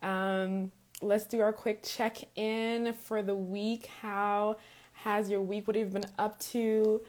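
Raspy-voiced woman hosting a live stream. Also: medium pitch, flat delivery, slow, darkish tone. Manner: chatty, greets viewers by name, keeps asking "okay?". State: raspy from a sore throat. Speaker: faith and life coach, live-stream host. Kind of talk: casual live-stream talk.

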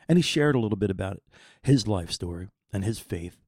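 A man's voice: on the low side, animated, fairly quick, a little mellow, slightly rough, no echo, studio quality. A man in his fifties telling a personal faith story in an earnest, rambling way, often repeating words as he searches for them. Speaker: podcast host.

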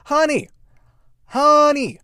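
A man voicing a clingy, melodramatic male lover in a staged fake romance, in a high pleading voice. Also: slow pace, sharp tone, dry recording, clean studio sound, exaggerated voice. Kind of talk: comic retelling on a podcast.

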